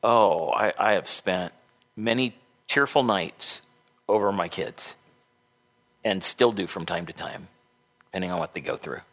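Slow-talking man preaching a sermon. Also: low-pitched, fairly bright tone. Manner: folksy storytelling, conversational preaching. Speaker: pastor.

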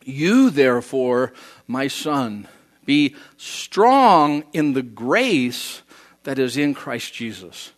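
A man preaching a sermon, animated, acting out quoted voices and swinging from loud to soft. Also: medium pitch, drawn-out words. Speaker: pastor.

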